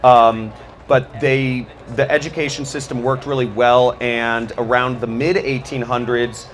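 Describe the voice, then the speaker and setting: A man's voice: mid-range voice, steady tone, a little slow. An American man giving a casual, rambling talk, full of fillers and restarts. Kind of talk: casual informal speech. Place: outdoor festival talk.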